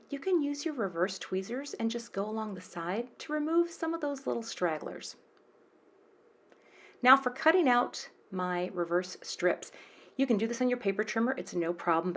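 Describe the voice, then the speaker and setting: A middle-aged woman chatting through a card-making tutorial in a voice-over, explaining each step with small jokes. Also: medium pitch.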